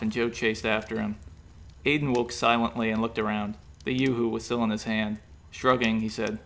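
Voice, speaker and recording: A man reading a comic horror story aloud in a brisk, deadpan way. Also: lowish voice, creaky.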